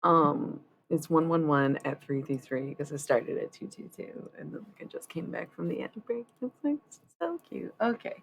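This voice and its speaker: Low, gravelly woman chatting on stream. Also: lively intonation, normal speed, hardly any pauses, a little hiss or hum. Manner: rambling, swearing, laughing often, swings between loud and hushed. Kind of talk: casual live-stream chat.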